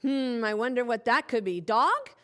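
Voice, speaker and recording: A woman teacher giving a playful phonics lesson for young children, stretching out words and talking in an exaggerated, animated way. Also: on the high side, normal speed.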